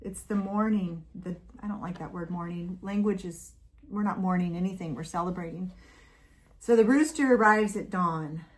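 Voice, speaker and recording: A woman giving a casual tarot reading to viewers, chatty and playful, breaking off to talk to her dog. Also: medium pitch. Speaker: tarot reader.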